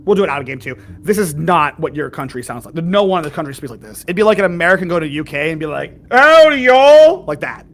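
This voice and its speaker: A man with a high, bright voice runs a tabletop game from his home mic. He talks in a rambling, folksy drawl and laughs often. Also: fast, hardly any pauses. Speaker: game master. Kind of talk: playing a tabletop game, doing character voices.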